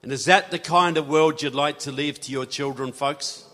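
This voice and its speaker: At normal speed, a man with a New Zealand accent speaks in a slightly high, bright, forceful voice. He's from New Zealand and addresses a live audience as a guest speaker, folksy and earnest, in a large hall with audible reverb.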